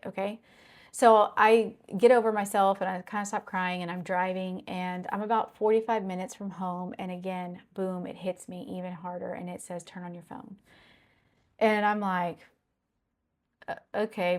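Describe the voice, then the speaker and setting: A middle-aged woman telling a personal story earnestly, repeating phrases and checking in with "okay?". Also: medium pitch. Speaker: consultant sharing a personal story. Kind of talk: personal testimony.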